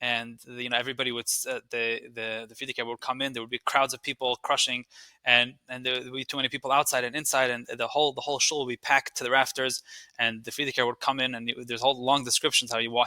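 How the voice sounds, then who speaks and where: A man's voice: mid-range voice, flat delivery, quick pace, bright, forceful tone, no room sound. A man telling history as a podcast guest, eager and restarting often, mixing in Yiddish and Hebrew terms. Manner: eager, with frequent restarts and repeated words. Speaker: guest, researcher and writer. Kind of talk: storytelling history in conversation.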